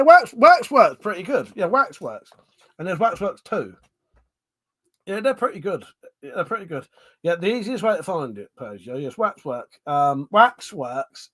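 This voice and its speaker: Man, livestream host, casual chat, rambling, sweary, fairly high voice, very lively pitch. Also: husky. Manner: rambling and sweary, with many fillers and restarts. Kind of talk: casual live-stream chat, reading viewer comments aloud.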